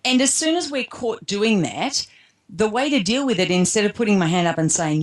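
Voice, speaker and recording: An Australian woman, a guest in an interview, telling stories in a lively casual way and acting out the people she quotes. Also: medium pitch, normal speed. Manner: lively storyteller, acts out quoted voices.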